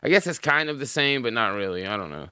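A man's voice: mid-range voice, very animated, quick pace, pushed and bright, clear, resonant tone, no echo, clean studio sound. A man with an American accent hosting a livestream in casual chat, laid-back and swearing freely as he greets viewers. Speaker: livestream host.

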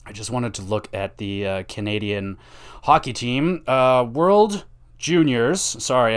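Young male solo podcast host, mid-pitched, swears constantly, rambles excitedly. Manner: profane, rambling and excitable, with lots of slang filler. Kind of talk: casual solo podcast rant.

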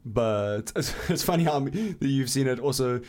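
A man's voice: medium pitch, animated, normal speed, darkish tone. A man from South Africa co-hosting a podcast, telling rambling anecdotes in casual chat and swearing freely. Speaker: podcast co-host.

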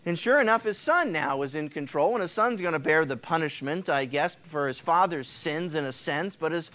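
A man's voice: a little high, expressive, moderate pace, fairly bright tone. A middle-aged male pastor preaching a sermon in a conversational way, now and then acting out the voices of biblical figures, heard on an old cassette tape transfer.

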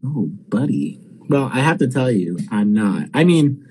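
A man's voice: medium pitch, sing-song, measured pace, a little mellow, breathy edge, low-quality recording. A man co-hosting a casual podcast, worn out and rambling, swearing and laughing as he talks. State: tired. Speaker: podcast co-host.

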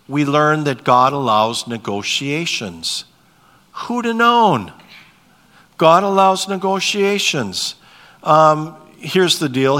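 A man preaching a sermon as pastor, reading scripture and asking the congregation questions in a conversational way. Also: medium pitch. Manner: reads dialogue with lively shifts. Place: church sanctuary. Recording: long hall reverb.

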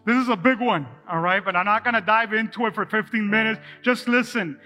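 Bright, high-voiced energetic preacher man. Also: brisk, hardly any pauses, faint music behind. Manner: energetic, addresses the congregation directly. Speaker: pastor. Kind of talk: live sermon. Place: church in front of a congregation.

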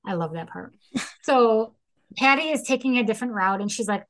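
Brief: casual woman host, mid-pitched, lively retelling with put-on voices for quotes. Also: fast talker, poor audio. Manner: acts out quotes with dramatic voices. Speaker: podcast host retelling a case. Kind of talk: casual storytelling chat.

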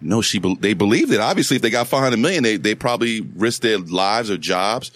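A man's voice: lowish voice, lively intonation, fairly quick, few pauses, fairly bright tone, no echo. A man co-hosting a podcast in casual chat, profane and playful, slipping into silly voices. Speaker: podcast co-host.

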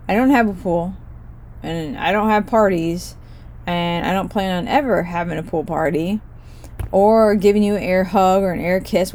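A woman vlogger telling a comedic story in an exasperated, indignant, animated rant. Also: on the low side, slight background noise.

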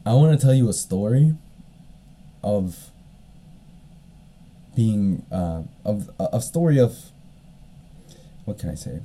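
A man's voice: lowish voice, big pitch swings, slow pace, pauses often, warm tone. A man hosting a solo podcast, retelling a story in a casual, rambling way with lots of fillers and the odd cough. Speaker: podcast host.

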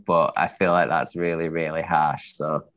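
A man's voice: very deep voice, steady tone, moderate pace, fairly bright tone. A man co-hosting a casual podcast, wry and self-mocking. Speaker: podcast co-host. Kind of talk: casual chat.

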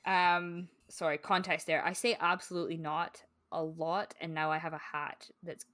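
Woman, podcast co-host, casual and unfiltered, swears freely; lower voice with a bright, forceful edge. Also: level tone, moderate pace. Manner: candid and rambling, swears freely. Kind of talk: casual book-club chat.

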